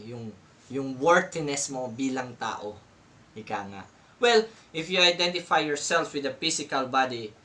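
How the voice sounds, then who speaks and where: A man's voice: a little high, pushed and bright. A man with a Filipino accent giving a casual, reflective talk as a podcast host, switching between English and Tagalog and often tagging lines with "di ba?". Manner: mixes English and Tagalog, keeps asking "di ba?". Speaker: podcast host answering a question.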